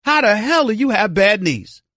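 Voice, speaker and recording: Middle-aged guy going off on sports radio, pretty high voice, bit strained, dry studio mic. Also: sing-song, moderate pace, bright, forceful tone, dry recording. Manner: heated, ranting, with many repeated words. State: straining an irritated voice after vocal cord surgery. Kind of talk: opinionated sports talk monologue.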